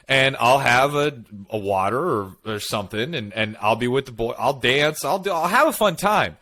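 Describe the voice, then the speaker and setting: Bright-voiced animated man telling stories. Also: mid-range voice, normal speed, few pauses. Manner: animated storytelling, quotes himself and others. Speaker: podcast co-host. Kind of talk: casual podcast chat.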